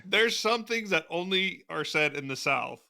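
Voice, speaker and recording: A man's voice: high voice, expressive, moderate pace, gravelly, pushed and bright. A male podcast host wrapping up an interview in an upbeat, enthusiastic way. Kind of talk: casual interview.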